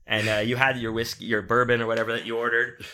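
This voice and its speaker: Brief: young man, very bright tone, lively profane storyteller, casual podcast chat. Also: medium pitch, fast. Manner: profane, animated storytelling with acted-out quotes.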